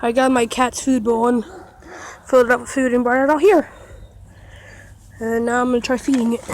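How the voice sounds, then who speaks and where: A woman's voice: darkish tone, slight background noise. A woman vlogging casually outdoors beside her house, talking chattily and cooing at a cat, recorded on a handheld phone. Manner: chatty, coos at the cat in a higher voice. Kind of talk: casual vlog chat.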